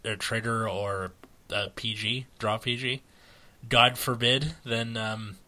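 Bright-voiced American man rambling. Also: medium pitch, steady tone, slow. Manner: rambling, many fillers and restarts. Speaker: podcast co-host. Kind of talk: casual chat about a card game.

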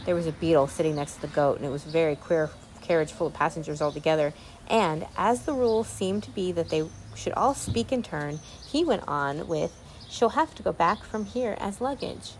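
A woman's voice: low-pitched, darkish tone, a little hiss or hum. Woman reading a classic aloud with asides. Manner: pauses with ums, explains old words. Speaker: reader.

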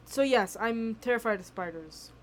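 Animated young woman telling a story. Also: a little high, normal speed, a little hiss or hum. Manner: animated, swearing, laughing storyteller. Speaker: podcast host. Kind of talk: casual storytelling chat. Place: her bedroom at home.

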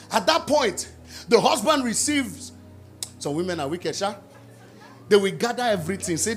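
A middle-aged man preaching a sermon at a church service, acting out quotes and shouting at his peaks. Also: high voice, big pitch swings, normal speed, pauses often, soft background music. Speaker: pastor.

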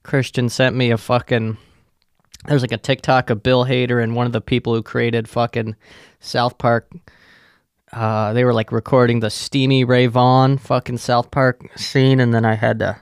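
A man's voice: medium pitch, flat delivery, normal speed, clean tone, dry recording, clean studio sound. A man with a profane, sarcastic manner, rambling through a casual solo rant as a podcast host.

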